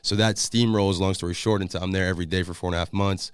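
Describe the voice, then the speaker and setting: A man's voice: low-pitched, steady tone, clean tone, dry recording. A young man from Massachusetts, a podcast guest, telling long anecdotes in casual chat and acting out what people said. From Massachusetts, USA. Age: young adult. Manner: rapid, run-on anecdotes with acted-out quotes. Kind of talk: casual storytelling.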